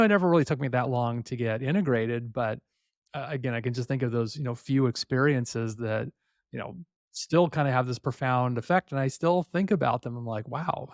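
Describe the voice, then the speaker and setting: Recorded cleanly in a studio with no room sound, a middle-aged man with a mid-range voice appears as a podcast guest. In this conversational interview he reflects on personal stories, using hesitant fillers.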